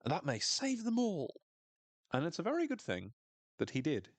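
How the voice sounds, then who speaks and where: A man's voice: fairly high pitch, huge pitch swings, moderate pace, no echo. A man hosting a podcast, recapping a TV episode in casual chat, swearing freely and acting out characters' lines in funny voices.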